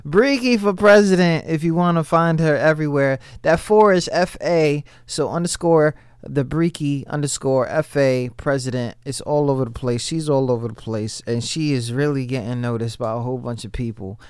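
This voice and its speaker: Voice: mid-range voice, moderate pace, a little mellow, smooth, dry recording. A radio host chatting casually and loosely into a studio mic, often repeating words.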